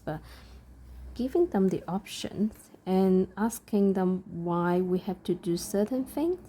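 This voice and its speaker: Slow, very mellow-voiced woman. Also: fairly low pitch. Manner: soft, thoughtful, hesitant with many pauses. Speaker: parent and crafter. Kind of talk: reflective chat while stitching.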